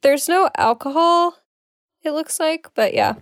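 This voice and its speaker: A young woman co-hosting a podcast, chatting casually about beauty products she bought, self-deprecating and quick to laugh. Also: sits high, no room sound, clean studio sound. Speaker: podcast co-host. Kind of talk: casual chat reviewing products.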